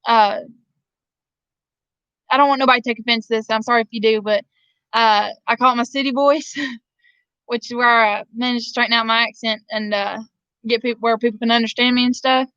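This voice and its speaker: A woman's voice: fairly high pitch, fairly even intonation, a little fast, long pauses, fairly bright tone, dry recording, highs cut off. A woman from Georgia with a Southern drawl, casually chatting to her live-stream viewers and rambling with frequent laughs. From Georgia, USA. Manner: rambling, laughs often between sentences. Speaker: vlogger reading live chat.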